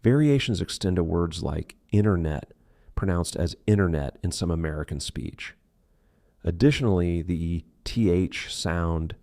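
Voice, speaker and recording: A man teaching English pronunciation in a scripted lesson, slowly modeling example words one by one. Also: low-pitched, dark tone, dry recording, studio quality.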